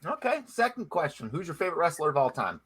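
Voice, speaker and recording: Upbeat bright-toned man hosting. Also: fairly high pitch, big pitch swings, fast, husky. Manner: upbeat, runs the show, swears freely. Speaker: podcast co-host. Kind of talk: casual chat.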